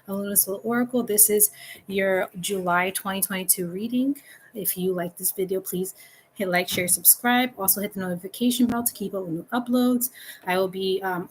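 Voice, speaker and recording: A woman's voice: mid-range voice, poor audio. A woman giving a casual tarot reading to camera at home, chatty and informal with loose fillers. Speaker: tarot reader. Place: room at home with a fan. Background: faint renovation noise from upstairs.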